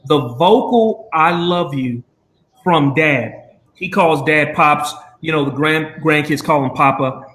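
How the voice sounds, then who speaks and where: Guy hosting a live video chat, earnest and rambly, lots of ums, kinda high voice, echoey room. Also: takes it slowly, fairly bright tone. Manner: earnest, rambling, many fillers. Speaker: show host.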